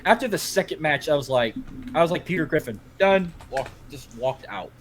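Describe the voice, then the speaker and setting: A man's voice: a little high, animated, fairly quick, slight background noise. A man with a Cajun accent chatting casually as a podcast co-host, rambling and swearing, full of "like". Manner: rambling, profane, heavy on filler "like".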